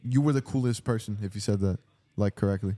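Young male co-host, mellow relaxed voice, jokey casual banter. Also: lowish voice, fast talker. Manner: joking, laughing, repeats words. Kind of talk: casual chat.

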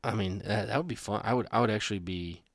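Low-voiced man telling rambling stories. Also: fast talker, creaky. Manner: rambling, animated storytelling with restarts. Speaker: podcast co-host. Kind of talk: casual chat.

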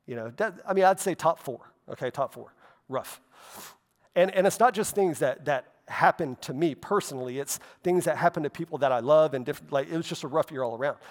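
Male pastor, chatty sermon delivery, slightly higher voice, long reverb from a big hall. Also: brisk. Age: adult, walked with faith over half his life. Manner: conversational preaching with asides and tag questions.

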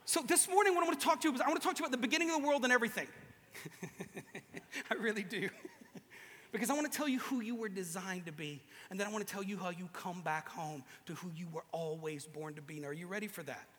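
A man with a very high, bright voice delivers a lively, joking sermon. He acts out little voices as he goes. The sound carries a long hall reverb from a large room. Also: quick pace, slight background noise. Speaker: preacher. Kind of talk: humorous sermon to a live audience.

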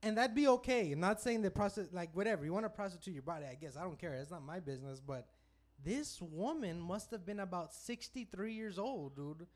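Male podcast co-host, high voice, loose and animated, swears a lot, laughs through his stories. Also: brisk. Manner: animated, profane, laughing storyteller. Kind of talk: casual storytelling.

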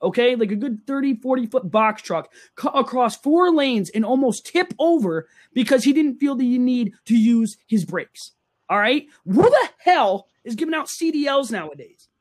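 A man's voice: extremely high pitch, normal speed. A young man co-hosting a casual podcast, ranting and joking with his co-host, tagging lines with "okay?". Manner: ranting, animated, says okay often.

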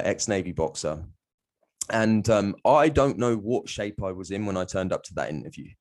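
A man's voice: lowish voice, a little mellow. A man, telling a candid personal story as a guest in a blunt, sweary way, often laughing.

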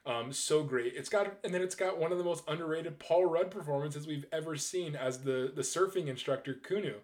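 A man in his twenties talking casually and excitably, rambling through his thoughts with frequent restarts and casual swearing. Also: fairly high pitch, brisk. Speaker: movie reviewer. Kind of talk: casual ranking chat.

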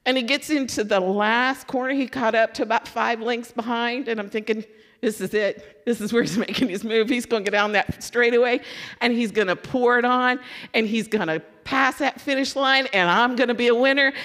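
A woman from Louisville giving a sermon as a lively personal story, acting out her own excitement and letdown. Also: a little high, moderate pace. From Louisville, Kentucky. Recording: long hall reverb.

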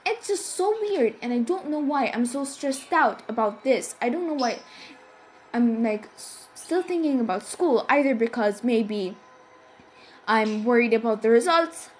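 A woman's voice: on the high side, lively intonation, a little slow, a little hiss or hum. Rambling young woman vlogger. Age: young adult. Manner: rambling, self-interrupting, many "like" fillers. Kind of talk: casual chat to camera.

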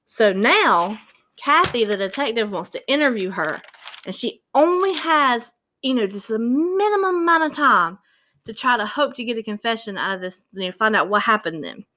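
Animated woman telling a true-crime story. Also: a little high, normal speed. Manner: animated, acts out quoted voices.

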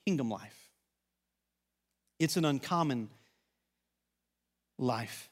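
A man from Arkansas with a Southern accent, preaching a sermon in a conversational style that swings between loud emphasis and quiet asides. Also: mid-range voice, animated, very slow. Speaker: pastor. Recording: long reverb of a large hall.

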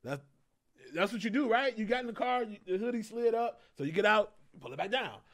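Animated young man telling a story. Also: high-pitched, fairly quick, no room sound, clean studio sound. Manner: animated, laughing often, acts out voices in quotes. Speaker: comedian guest. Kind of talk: casual storytelling.

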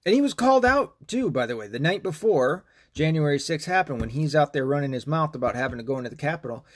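A man's voice: fairly high pitch, animated, quick pace. A man hosting a podcast, talking in a casual, rambling and profane rant. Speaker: podcast host. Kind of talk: casual monologue.

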